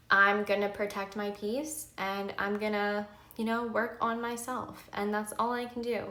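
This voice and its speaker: Woman in her 30s ranting on her vlog, bright edgy voice, lots of like and you know, echoey room. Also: medium pitch. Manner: heated, emphatic venting with many fillers. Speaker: pharmacy technician and nursing student. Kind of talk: candid vlog storytime.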